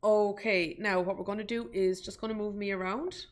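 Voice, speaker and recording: A woman's voice: medium pitch, steady tone, moderate pace. Chatty Irish woman presenting stocks. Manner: chatty, self-deprecating, asides to viewers. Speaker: investment webinar presenter. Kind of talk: live screen-share stock tutorial.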